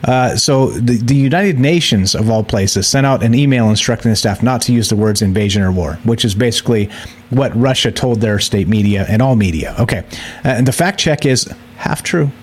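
A man's voice: medium pitch, moderate pace, slightly rough. A man hosting a live talk show, talking casually in a rambling, sarcastic way full of fillers and restarts. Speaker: podcast host.

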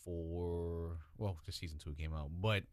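A man co-hosting a casual chat about TV shows, animated and swearing, acting out characters as he tells the story. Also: deep voice, measured pace, no echo, studio quality. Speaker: podcast co-host.

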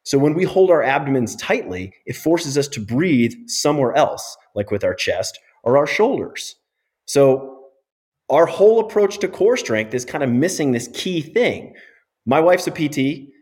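A middle-aged man, a physiotherapist guest on a podcast interview, explaining in an animated and emphatic way. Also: on the high side, unhurried.

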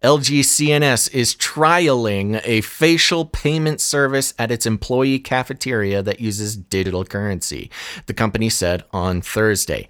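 A man co-hosting a live-streamed news talk show, chatting loosely and reading articles aloud with quick asides. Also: mid-range voice, a bit bright, clear, resonant tone.

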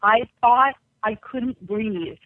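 A woman's voice: a little high, takes it slowly, no echo. A woman from New York, a basketball coach and podcast guest, telling personal stories and acting out the voices of people she quotes. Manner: vivid storyteller who acts out quoted voices. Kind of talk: personal storytelling in an interview. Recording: tinny dry phone line.

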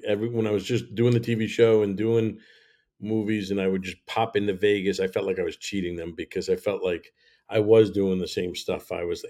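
A man's voice: lowish voice, darkish tone. A man who is a comedian guest on a podcast, talking casually and openly and teasing his host now and then. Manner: candid, easygoing, teasing. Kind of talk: casual conversation.

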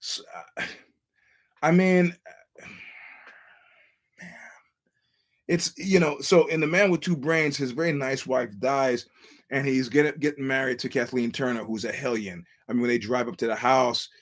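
A man's voice: medium pitch, steady tone, moderate pace. A man hosting a solo podcast, ranting bluntly and swearing often. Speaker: podcast host.

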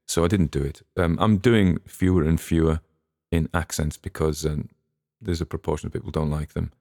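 A man hosts his own show in a loose, rambling way. His voice sits very low with a gravelly rasp, and he often trails off and restarts his sentences. The recording is dry and close, with no room echo. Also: steady tone, brisk, mellow. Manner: chatty, musing, with many restarts. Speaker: podcast host. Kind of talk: casual rambling commentary.

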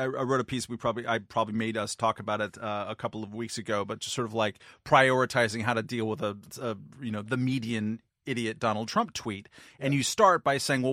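A man's voice: fairly low pitch, a bit bright, dry recording. A man with a mid-range voice lays out political analysis in a wry, casual way. He sometimes swears to make a point. The recording is dry and close. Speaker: podcast co-host.

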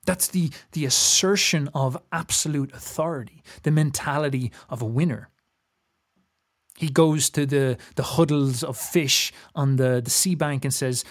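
A man's voice: on the high side, unhurried. Earnest young Irish man, philosophizing. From Ireland. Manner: earnest, philosophical, with frequent restarts. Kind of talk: reflective casual talk.

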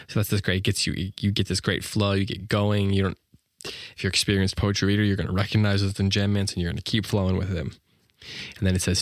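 A man hosting a poetry podcast, reflecting on a poem and then reading it aloud slowly and carefully. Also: low voice, level tone, no echo, studio quality. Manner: thoughtful, reflective, self-correcting; slows down and enunciates when reciting.

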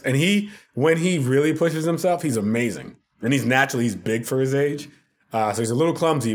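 A man in his forties, a podcast guest, talking earnestly and with self-deprecating humor in a casual chat. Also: mid-range voice.

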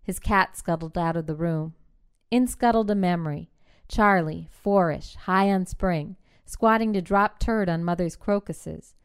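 A woman reading a short story aloud in measured, clipped phrasing. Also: fairly low pitch, clear, resonant tone. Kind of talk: literary fiction reading.

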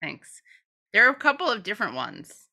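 A woman's voice: medium pitch, huge pitch swings, moderate pace, gravelly, bright, forceful tone. A woman co-hosting a casual commentary chat, blunt and profane, joking as she reacts. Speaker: co-host.

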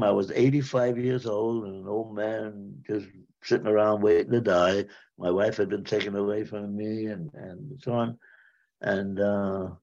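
A man in his nineties from the United States, a war veteran recounting his memories in a halting, rambling way, restarting and repeating words. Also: on the low side, a little mellow. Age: 90s. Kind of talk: spoken personal storytelling. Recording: dull lo-fi sound.

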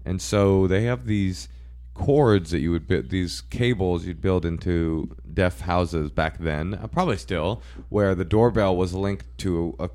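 A man, a comedian, telling stories in casual chat, talking fast and animated. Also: low voice. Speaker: comedian guest.

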